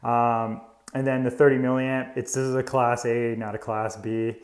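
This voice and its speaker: A man's voice: mid-range voice, level tone, normal speed. A man, an electrician giving a casual, chatty tool demonstration indoors in an old house and explaining each step.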